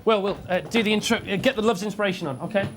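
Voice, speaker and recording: An English man hosting a live TV show, talking in a rapid, excitable way and repeating himself. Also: high-pitched. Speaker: TV show host. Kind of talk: loud live studio presenting. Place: TV studio with live audience. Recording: live TV studio with loud crowd and noise.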